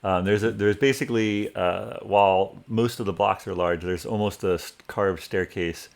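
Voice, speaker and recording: A man narrating a tabletop game as game master, in a relaxed, halting way with many fillers. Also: fairly low pitch, gravelly.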